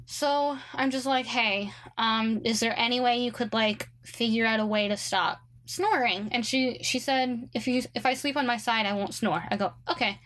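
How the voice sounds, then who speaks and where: A woman's voice: fairly high pitch, moderate pace, hardly any pauses, fairly bright tone. Chatty young woman telling a story. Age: young adult. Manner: chatty, many likes and ums, sarcastic asides. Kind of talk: casual storytelling chat.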